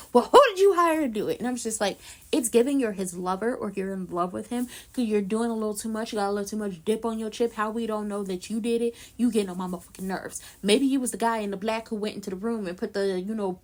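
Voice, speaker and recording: A woman recapping a TV episode in casual chat, sassy and blunt, full of slang and repeating lines for emphasis. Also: a little high. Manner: slangy, animated asides. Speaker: YouTube reviewer.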